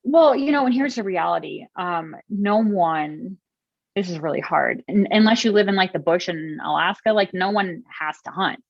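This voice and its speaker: Interview guest: woman, very low voice, chatty storyteller with lots of fillers, dry dull remote audio. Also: animated, normal speed, vocal fry, no room sound. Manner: chatty, many fillers, gets emotional when telling stories. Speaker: podcast guest.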